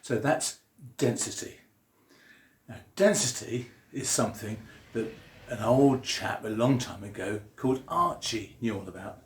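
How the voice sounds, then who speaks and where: A science teacher with a lowish, expressive voice gives a lighthearted lesson, unhurried and full of puns, explaining step by step while he draws. His voice also sits in a middle range, and the recording carries a noticeable room echo.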